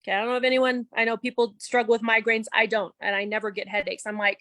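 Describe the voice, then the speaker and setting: A woman giving a candid, animated personal testimony on a video call, laughing as she goes. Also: on the high side, fast talker, hardly any pauses, dry recording. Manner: chatty and animated, with laughs and quoted self-talk.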